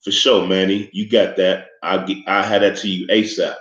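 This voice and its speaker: A man's voice: deep voice, flat delivery, normal speed, fairly bright tone. A man voicing an eighteen-year-old drug dealer who talks in casual slang in a storybook reading. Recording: echoey, slightly muffled room recording.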